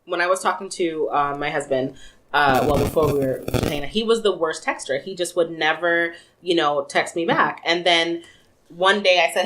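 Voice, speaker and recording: A woman co-hosting a podcast, talking in a relaxed, conversational way and telling personal anecdotes. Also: deep voice, moderate pace. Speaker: podcast co-host. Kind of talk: casual chat.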